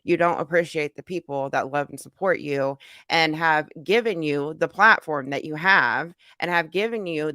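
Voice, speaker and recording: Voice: mid-range voice, sharp tone, smooth, no echo, studio quality. A reaction video host commenting indignantly on a played clip and asking aloud why people behave so badly. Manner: indignant, talking back at the clip.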